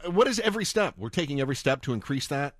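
A man commenting on news clips in a mocking, exasperated way, switching between quiet mumbles and sudden outbursts. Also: fairly high pitch, sing-song, fast, slight background noise. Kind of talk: sarcastic reaction commentary.

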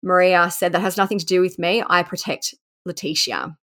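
A woman's voice: fairly low pitch, normal speed, a bit bright. A woman hosting a podcast who narrates a case in a casual way, reading quotes aloud and adding asides. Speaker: podcast host. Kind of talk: casual true-crime narration.

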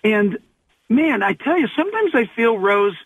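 Pastor on a tinny phone line. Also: male voice, very high-pitched, sing-song. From Southern California. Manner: earnest, preacherly, slows for emphasis. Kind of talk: radio interview guest.

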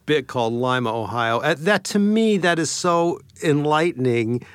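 A man's voice: on the high side, lively intonation, normal speed, clear, resonant tone, dry recording. A man from New York City hosting a show, chatting casually and appreciatively. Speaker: radio host. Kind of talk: casual chat.

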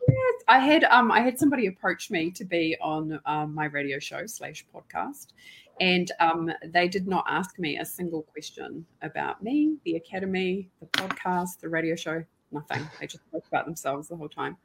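A woman hosting a podcast, chatting freely in long, run-on bursts. Her voice sits on the low side with a husky edge, and she sounds effusive and eager. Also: lively intonation, normal speed. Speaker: podcast and radio show host. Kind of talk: casual interview chat.

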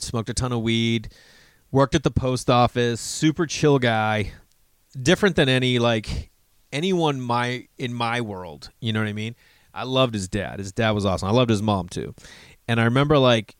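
An American man in his forties tells a long personal story in a loose, rambling way, swearing often. He jumps into quick bits of dialogue as he goes. His voice is mid-pitched and sounds dry and close, with no room echo. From United States. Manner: rambling, profane, acts out quoted dialogue. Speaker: comedian.

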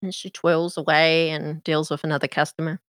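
A woman game master narrating a tabletop game scene in a calm, descriptive voice. Her sound is dry, with no room around it. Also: sits low, normal speed, dry recording.

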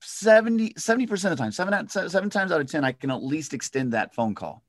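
A man's voice: fairly high pitch, expressive, fast, dry recording. A man working as a real estate agent, talking loosely in a casual podcast chat, full of fillers and restarts.

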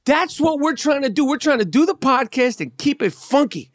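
A man hosting a podcast, telling a story in a teasing, profane, animated way. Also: very high voice, moderate pace, no echo, clean studio sound. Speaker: podcast host. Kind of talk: casual podcast banter.

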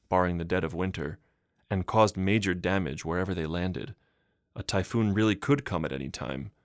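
A man narrating a translated short story in a calm, measured reading. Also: low-pitched, no echo, studio quality. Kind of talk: audiobook narration.

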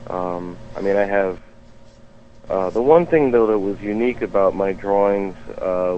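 A man's voice: deep voice, darkish tone. A man in his forties, a guest artist, answering interview questions in a loose, rambling way with many ums and restarts. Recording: dull lo-fi sound with faint noise.

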